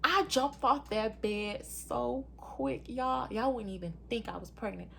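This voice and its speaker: A young woman chats casually with her viewers about her own experiences, lively and often saying "y'all," putting on a high voice to imitate what others said. She takes her time, and her voice is creaky with a breathy edge.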